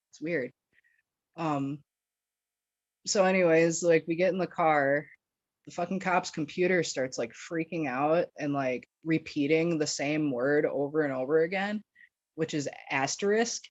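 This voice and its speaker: A woman's voice: low voice, no echo. A woman from Wisconsin telling a story as a podcast guest, casual and rambling, swearing and laughing as she goes. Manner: profane, rambling, laughs often, filler-heavy. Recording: dull, dry lo-fi recording.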